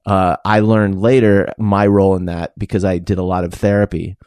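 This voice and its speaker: Low-voiced man giving hesitant advice. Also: little pitch movement, moderate pace, a little mellow, no room sound, studio quality. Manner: thoughtful, hesitant, many fillers. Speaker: podcast co-host. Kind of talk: casual advice chat.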